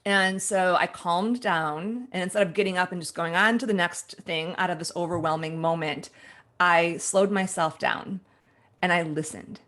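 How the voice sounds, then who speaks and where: A woman in her forties, a guest author telling a personal story in an interview, animated and laughing as she acts out her own past thoughts. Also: lowish voice, normal speed.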